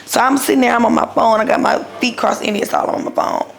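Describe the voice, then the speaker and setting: Speaking at a quick pace, this woman in her thirties has a slightly high, creaky voice. She tells her story in a casual, blunt, profane way, bringing the quoted people to life in an animated retelling.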